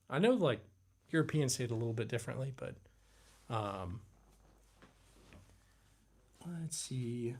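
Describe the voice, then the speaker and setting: A man's voice: medium pitch, creaky, a little mellow, breathy edge. A young man hosting a casual live Q&A stream, rambling and reading chat aloud with lots of fillers. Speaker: livestream host.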